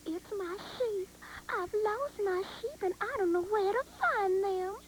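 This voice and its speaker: Tiny high squeaky bo peep girl, teary and polite, woman doing it, kids tv. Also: unhurried. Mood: worried. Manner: tearful, polite, breathless. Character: sweet shy young shepherd girl.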